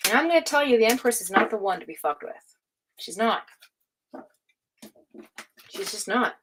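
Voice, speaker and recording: A woman giving a tarot reading in a forceful, profane, scolding pep-talk manner, with many fillers and restarts. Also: fairly high pitch, big pitch swings, moderate pace, background noise. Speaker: tarot reader. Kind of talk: casual spoken tarot reading to camera.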